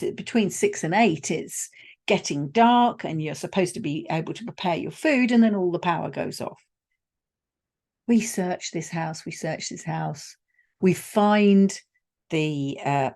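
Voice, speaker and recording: A woman's voice: lowish voice, darkish tone. A woman hosting a solo podcast, telling a personal travel story in a conversational way with wry asides. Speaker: podcast host.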